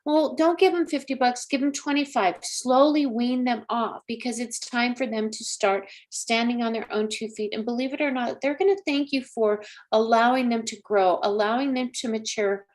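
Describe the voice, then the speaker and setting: Woman, middle-aged, fairly high voice, chatty, coaxing, psychic reading on a live stream. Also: moderate pace, hardly any pauses. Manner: chatty, coaxing, calls viewers honey and girl. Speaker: psychic medium.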